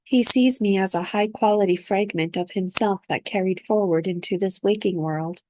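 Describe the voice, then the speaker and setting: A woman reading aloud from her own spiritual dream journal in a soft, unhurried, reflective way. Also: medium pitch, a little hiss or hum.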